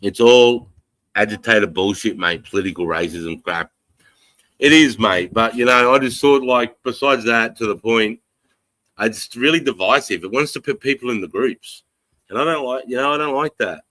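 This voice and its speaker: A man's voice: medium pitch, normal speed, fairly bright tone, no room sound. An Australian man hosting a casual live chat, reading comments aloud and giving his blunt, rambling, profane opinions. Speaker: livestream host reading chat.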